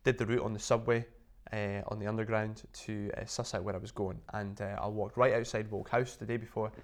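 A man, a guest in an interview, telling his story in a chatty, animated way with lots of fillers and restarts. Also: on the low side, brisk. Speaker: interview guest, business founder. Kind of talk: casual storytelling.

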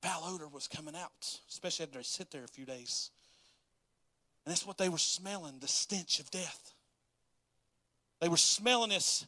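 Male preacher, slightly higher voice, close dry sound, animated delivery with frequent chuckles. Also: moderate pace, pauses often, dry recording. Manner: animated, laughs often, acts out quotes. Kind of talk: sermon reading and explaining scripture.

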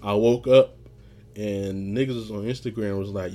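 A man's voice: on the low side, a little fast. Rambling man chatting on his podcast. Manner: rambling, laughs often, frequent "you know what I'm saying"; gets loud and animated when retelling anger. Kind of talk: casual rambling monologue.

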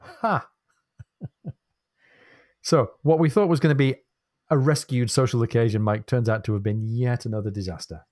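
A man's voice: mid-range voice, normal speed, long pauses, no room sound, studio quality. A man co-hosting a book podcast, reading passages aloud expressively and laughing easily. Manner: animated, reads quotes expressively, laughs easily. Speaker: podcast co-host.

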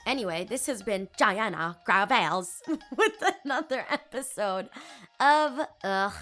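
A young adult woman hosting her own show, talking through a story in a casual, animated way with quick exclamations and asides. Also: mid-range voice, soft background music. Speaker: podcast host. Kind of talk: casual chatty monologue.

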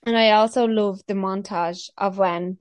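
A woman's voice: medium pitch, fairly even intonation, measured pace, dry recording. Woman podcast host gushing away, lots of ums and likes, dry close sound. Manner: gushing, rambling with many fillers. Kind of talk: casual chat.

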